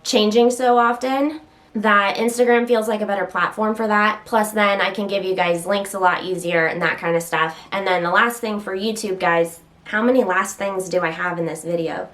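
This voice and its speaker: A woman's voice: medium pitch, fairly even intonation, moderate pace, a bit bright. Chatty woman vlogging at home. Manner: rambling, self-interrupting, chatty; occasional stutters. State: slightly out of breath. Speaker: health vlogger. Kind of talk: casual chat to camera. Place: home, standing while filming.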